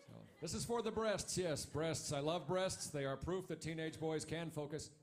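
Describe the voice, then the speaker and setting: A man in his thirties doing a stand-up comedy set on a club stage, wry and punchy, with quick asides to the crowd. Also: a little high, noisy background.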